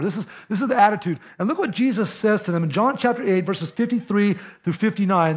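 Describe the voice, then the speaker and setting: High-voiced man preaching emphatically. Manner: emphatic, conversational preaching with direct address. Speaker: pastor. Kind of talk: sermon.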